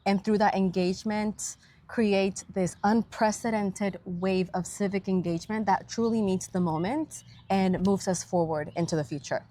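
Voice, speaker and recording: A woman's voice: mid-range voice, steady tone, moderate pace, mellow. A woman with a mid-range voice talks as a podcast guest. She sounds earnest and upbeat while chatting casually outdoors in a park. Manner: earnest and upbeat, talks about civic engagement. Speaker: guest, county attorney. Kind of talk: casual interview chat.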